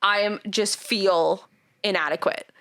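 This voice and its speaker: A woman's voice: mid-range voice, measured pace. A woman talking casually as a podcast guest, rambling through personal stories with lots of fillers. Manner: rambling, animated storytelling with many fillers.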